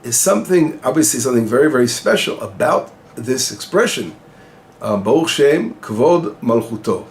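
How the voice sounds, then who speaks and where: With a medium-pitched voice carrying vocal fry, a male rabbi gives a casual talk on the weekly Torah portion, and a little background noise can be heard. He translates and explains Hebrew phrases, answering his own questions.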